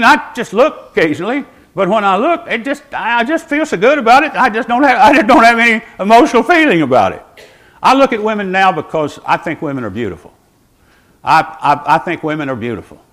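A man's voice: sits high, a bit bright. A man, preaching a sermon to his church while seated, with folksy asides to the congregation. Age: 80s. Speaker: pastor.

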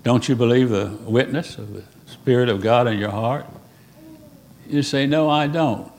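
Male preacher, sermon, folksy, rhetorical questions, quotes scripture, mid-pitched voice. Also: a little slow, darkish tone. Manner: quotes King James scripture.

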